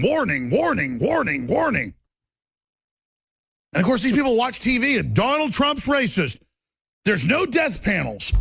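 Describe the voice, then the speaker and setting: A man's voice: high voice, gravelly, fairly bright tone, breathy edge, dry recording. A man hosting a talk-radio show, ranting in an impassioned, repetitive monologue into a studio microphone. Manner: ranting, repetitive, acts out quotes in mocking voices.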